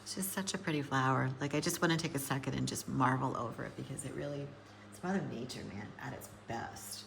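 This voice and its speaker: A woman's voice: extremely low pitch, fast, gravelly, a bit bright, a little hiss or hum. A woman who coaches nutrition, chatting casually to viewers and thinking aloud as she works with plants in an indoor grow room. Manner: chatty, rambling, thinks aloud while working. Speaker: hydroponic gardener and nutrition coach. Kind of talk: casual live chat to viewers.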